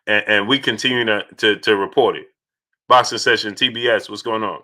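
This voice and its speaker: A man's voice: lowish voice, fairly quick. A man hosting a live boxing talk stream, greeting viewers by name and repeating himself as he goes. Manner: repetitive, animated, shouts out chat viewers.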